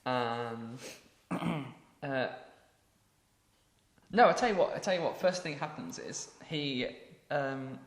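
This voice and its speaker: A man's voice: medium pitch, animated, takes it slowly, long pauses, roomy sound. An Englishman co-hosting a podcast, improvising a story in a rambling way with many ums and laughs. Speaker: podcast co-host.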